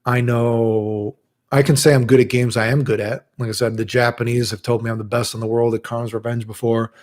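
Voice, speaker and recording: A man's voice: mid-range voice, flat delivery, a little fast, darkish tone. A man hosting his channel, telling rambling, profane stories in a casual monologue and acting out what people said. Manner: profane, storytelling, acts out quotes. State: chronically ill. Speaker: channel host.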